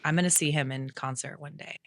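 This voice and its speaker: A woman's voice: low-pitched, fairly even intonation, fairly quick, gravelly, a bit bright, dry recording. A woman around forty co-hosting a podcast in casual, enthusiastic chat, laughing often. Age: about 40. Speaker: podcast co-host.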